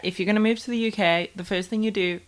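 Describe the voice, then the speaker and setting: A South African woman co-hosting a casual chat podcast, asking questions and explaining things in a steady way. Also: medium pitch, fast. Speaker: podcast co-host.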